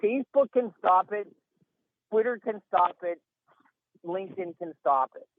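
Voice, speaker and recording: A man's voice: high-pitched, lively intonation, unhurried, dry recording. A man speaks through a tinny phone line in a dry, close recording. He talks in an emphatic, rambling way and sounds worn out with exasperation. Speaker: interview guest. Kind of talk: casual phone interview. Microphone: phone call.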